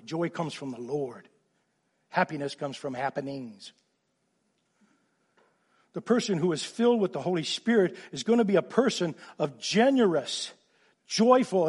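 A middle-aged man, a pastor, preaching a sermon in an animated way, swinging from emphatic lines down to quiet asides. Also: high-pitched, husky.

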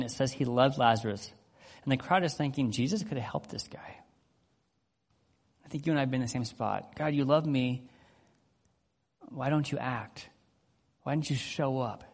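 A man preaching a casual, conversational sermon, acting out the people in the story as he goes. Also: mid-range voice. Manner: conversational, animated, acts out quotes. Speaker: pastor.

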